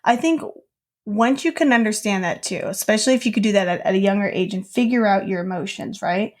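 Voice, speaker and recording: A woman's voice: mid-range voice, brisk, darkish tone. A young woman co-hosting a podcast, telling a childhood story in casual chat with lots of fillers. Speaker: podcast co-host.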